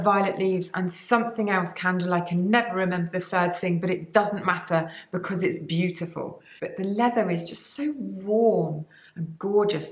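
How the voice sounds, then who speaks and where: A woman with a fairly low voice chats about beauty products, bubbly and enthusiastic. She wanders into cheeky asides and laughs at herself. The room around her sounds echoey. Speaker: beauty vlogger. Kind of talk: sponsored product chat to camera.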